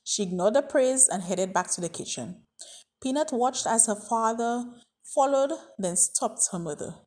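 Husky woman reading a story. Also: fairly high pitch, expressive, moderate pace, darkish tone. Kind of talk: reading a children's story aloud.

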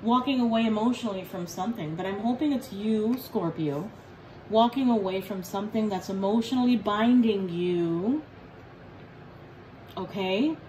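A woman gives a casual tarot reading, blunt, profane and joking. Her voice sits at a middling pitch for a woman, with a darkish tone and normal speed, on a low-quality recording with faint room noise humming behind her.

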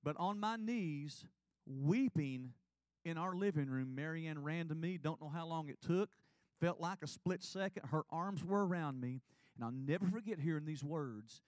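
High-voiced preacher telling his testimony. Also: moderate pace, darkish tone, no echo. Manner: earnest, confessional storytelling. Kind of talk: sermon testimony. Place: church sanctuary.

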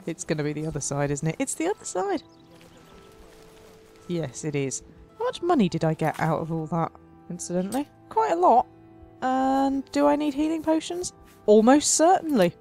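A woman's voice: high voice, big pitch swings, normal speed, vocal fry, warm tone, soft background music. A woman hosting a let's play, commenting on the game in a playful mock-dramatic way and laughing often. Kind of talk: gameplay commentary.

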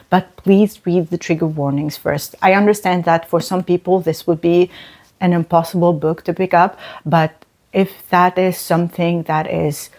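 A woman's voice: lowish voice, darkish tone. A woman giving casual, emphatic book reviews to camera, often repeating words for stress.

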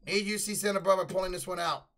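High-voiced man calling live play-by-play. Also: very fast. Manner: loud excited calling on big plays; casual, swears freely, answers chat. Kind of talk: live play-by-play commentary and chat.

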